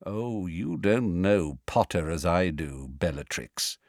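A man doing a soft, drawling cold villain. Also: deep voice, sing-song, slow, no echo, studio quality, full character voice. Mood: cold menacing.

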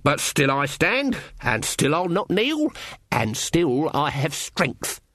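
A man reading an audiobook voices a fierce, proud old witch woman with a croaking, scornful, deliberate delivery. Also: fairly high pitch, sing-song, fairly bright tone, slight background noise, exaggerated voice. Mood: commanding. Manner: defiant, scornful, slow and deliberate. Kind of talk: audiobook character voice.

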